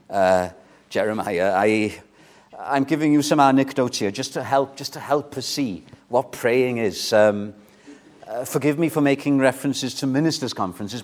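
A man preaching an earnest, pleading sermon in church, swinging between loud and soft. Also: mid-range voice. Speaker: pastor.

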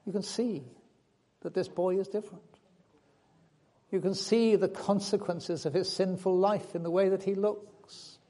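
A middle-aged man preaching a sermon, earnest, moving between loud urgent passages and hushed soft ones. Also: fairly high pitch.

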